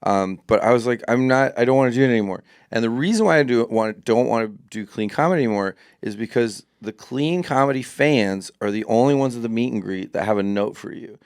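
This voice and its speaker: A man's voice: mid-range voice, a little fast, hardly any pauses, a little mellow, clean tone, no room sound, studio quality. A man from Wisconsin with a Wisconsin accent, a comedian chatting loosely as a podcast guest, rambling and mocking himself. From Wisconsin, US Midwest. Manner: rambling, self-mocking, acts out voices of others. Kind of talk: casual podcast chat.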